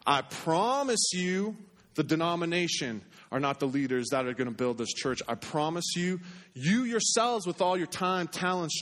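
A man preaching a sermon in an earnest way, repeating phrases for emphasis and dropping to a hush on key points. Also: fairly high pitch. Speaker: pastor.

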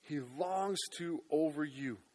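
A male pastor preaching a sermon in church, earnest, dropping to hushed tones and rising to loud appeals. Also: fairly high pitch, slow.

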